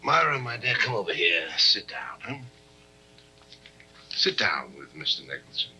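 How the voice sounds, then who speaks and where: A smug, scheming middle-aged official from a 1970s film drama. His bright voice swings lively up and down as he mocks and chuckles, and he turns brusque when crossed. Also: low-pitched, a little slow, a little hiss or hum, exaggerated voice, low-quality recording. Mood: gloating. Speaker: government official.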